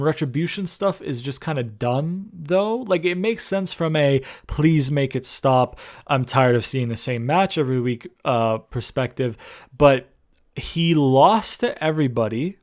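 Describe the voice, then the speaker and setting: Rambling young guy recapping wrestling. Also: fairly high pitch. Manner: rambling, loose, peppered with fillers and swearing. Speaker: wrestling show reviewer. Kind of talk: casual recap and opinion.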